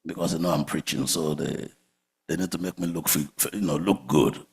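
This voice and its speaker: A man preaching a sermon, telling stories with big swings from loud outbursts to quiet murmurs. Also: very deep voice, fairly quick. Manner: animated storytelling, swings from shouts to murmurs. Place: church sanctuary. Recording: echoey church hall.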